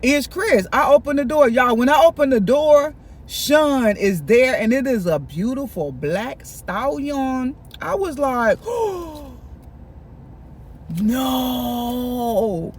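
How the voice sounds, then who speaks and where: A man chatting in a casual storytime vlog, animated and gossipy, talking straight to his viewers. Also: very high-pitched, measured pace, a little hiss or hum. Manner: animated, gossipy, keeps addressing viewers directly. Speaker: vlogger. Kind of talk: casual storytime while eating.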